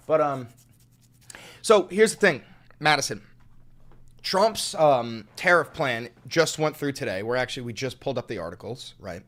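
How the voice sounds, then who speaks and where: A man's voice: medium pitch, fairly bright tone. Profane man ranting on a livestream. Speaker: livestream host. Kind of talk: live-streamed political commentary.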